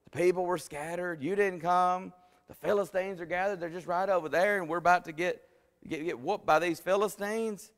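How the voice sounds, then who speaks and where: A man's voice: high-pitched, steady tone, normal speed, a bit bright, voice pushed up. A man playing King Saul, making excuses in a raised, pleading voice, in a reverberant room. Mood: defensive. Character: defensive self-justifying King Saul, man. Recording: long hall reverb.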